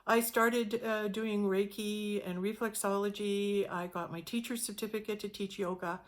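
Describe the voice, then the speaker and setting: A middle-aged woman telling a personal spiritual story in an earnest, halting way, often repeating words as she goes. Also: medium pitch, fairly even intonation. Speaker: spiritual teacher sharing a testimony.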